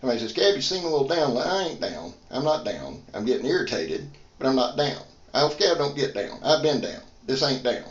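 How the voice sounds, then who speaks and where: A man's voice: medium pitch, sing-song, brisk, hardly any pauses. Folksy man, roomy muffled sound. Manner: folksy, self-deprecating, swears casually. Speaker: knife reviewer and channel host. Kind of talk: casual product review vlog.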